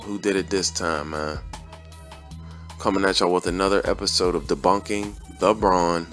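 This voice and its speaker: A man's voice: sits low, steady tone, moderate pace, a bit bright, soft background music. A man hosting his own channel, delivering a blunt, preachy opinion rant in slangy, repetitive casual talk. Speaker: channel host.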